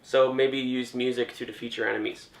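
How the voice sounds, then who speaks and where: Reacting casually to gaming news, this young man speaks fairly quickly at medium pitch with little pitch movement. As a gaming commentator he's chatty and jokey, frequently trailing off and starting again, all in a roomy echo.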